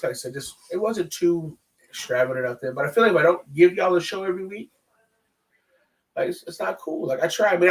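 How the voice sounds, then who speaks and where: A man's voice: high voice, recorded from a distance. A man hosting his own podcast, telling stories in casual, profane talk and acting out the lines of people he met. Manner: animated, profane, acts out quoted dialogue. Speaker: podcast host. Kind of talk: casual solo storytelling.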